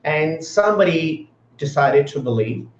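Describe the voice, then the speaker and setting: A man's voice: fairly high pitch, expressive, measured pace. A man hosting a motivational livestream, talking earnestly, repeating himself and greeting viewers by name. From grew up in another country. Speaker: livestream host. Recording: echoey room, dull lo-fi sound.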